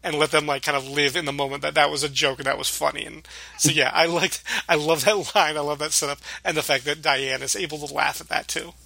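A man hosting a podcast, chatting casually and retelling scenes in an animated way. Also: fairly high pitch, fast, creaky, no room sound. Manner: animated retelling, mimics lines. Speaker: podcast host. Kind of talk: casual chat.

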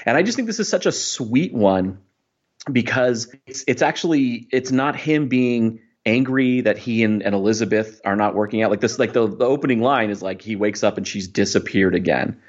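A man's voice: on the low side, moderate pace, lo-fi sound. A man hosting a podcast, talking about a favorite song in a reflective, rambling way with many fillers. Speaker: podcast host. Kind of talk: casual music discussion.

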